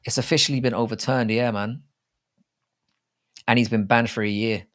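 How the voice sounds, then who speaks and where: A man's voice: medium pitch, fairly even intonation, moderate pace, a bit bright. A young man hosting a live chat stream, talking loosely to viewers, swearing and calling them mate and bro. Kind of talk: casual live chat reading viewer comments.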